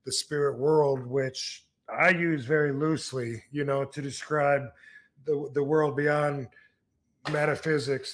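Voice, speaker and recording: A middle-aged man from Michigan hosts a casual podcast chat. He rambles through a story with plenty of fillers and false starts. His voice sits slightly high for a man. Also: fairly bright tone. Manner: rambling with many fillers and restarts. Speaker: podcast host, wrestler.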